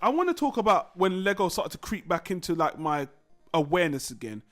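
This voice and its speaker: High pitched guy hosting, rambly laid back talk, restarts a lot. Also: sing-song, a little fast, a bit bright, faint music behind. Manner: rambling, conversational, many restarts. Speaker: podcast host. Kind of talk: casual chat.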